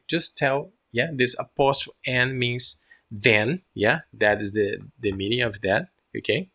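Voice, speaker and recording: Man, English teacher, gravelly voice, middle pitch, casual lesson, acts out sounds. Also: a little slow, sharp tone. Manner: keeps checking in with "yeah?" and "okay?"; acts out sounds while explaining.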